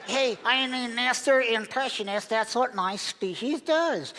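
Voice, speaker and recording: A man's voice: very high voice, measured pace, big-room sound, some chatter behind, exaggerated voice. A man voicing a cheeky, wisecracking male pet bird puppet in a squawky, sassy voice. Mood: boastful. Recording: loud audience and music.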